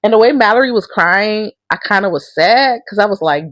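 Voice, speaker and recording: A woman's voice: medium pitch, expressive, normal speed, hardly any pauses, fairly bright tone, no room sound. A woman hosting a casual recap of a reality show, blunt and profane as she tells the story with a lot of animation.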